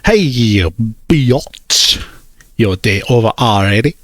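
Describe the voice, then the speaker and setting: A man's voice: mid-range voice, big pitch swings, a little slow, husky, dry recording, studio quality, exaggerated voice. A man voicing a teasing, blunt young male friend on a phone call.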